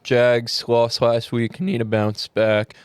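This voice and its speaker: A man's voice: medium pitch, flat delivery, slow, smooth, dry recording. A man co-hosting a casual sports podcast, blunt and profane in his picks. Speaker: podcast co-host.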